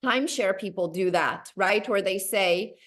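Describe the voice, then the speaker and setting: A woman giving a motivational sales training on a video call, animated and acting out conversations in a bright higher voice. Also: a little slow. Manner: animated, acts out dialogue in a bright high voice.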